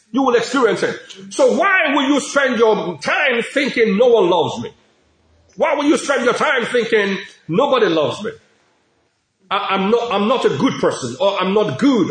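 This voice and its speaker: High pitched pastor preaching, repeats himself a lot, roomy echo. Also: male voice, a bit bright. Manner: emphatic, repetitive preaching with frequent praise interjections. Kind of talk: sermon. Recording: echoey room.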